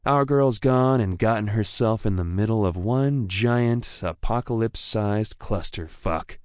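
A man's voice: on the low side, measured pace, clear, resonant tone, no room sound, clean studio sound, pitched above the performer's own voice, lightly acted. A man voicing a bored, sardonic male vampire in an audiobook, drawling and mocking with crude language. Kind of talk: audiobook character voice.

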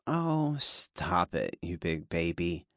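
A man narrating an audiobook voices a small, fierce female martial-arts fighter who teases in a soft, sultry way. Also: medium pitch, wildly swooping pitch, unhurried, no room sound, clean studio sound. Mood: teasing.

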